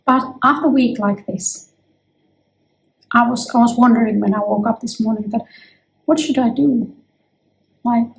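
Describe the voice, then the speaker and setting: A woman in her fifties speaks in a casual vlog, recorded in her office. Her voice sits a little high but carries a gravelly, creaky edge, and it is fraying as she loses it. She talks in a chatty, reflective way, often restarting her sentences. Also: poor audio. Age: 50s. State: losing her voice. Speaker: vlogger. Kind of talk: casual talking-to-camera vlog.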